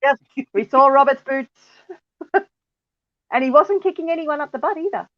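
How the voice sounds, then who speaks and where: A woman hosting a casual online chat, with a high voice and a chatty, giggly manner. The sound is dry and close. The audio is slightly dull, like a lo-fi call. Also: lively intonation, normal speed, no echo. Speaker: channel host.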